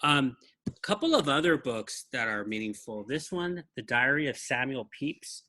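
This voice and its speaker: A man hosting a podcast, chatting in a relaxed, thoughtful way about books he shows to a co-host. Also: medium pitch, moderate pace. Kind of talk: casual book chat.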